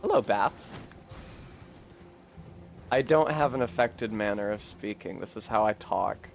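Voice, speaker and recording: A man with a New England accent streaming a game, joking sarcastically, swearing and sometimes shouting in frustration. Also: lowish voice, expressive, measured pace, vocal fry, soft background music. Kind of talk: casual gameplay commentary.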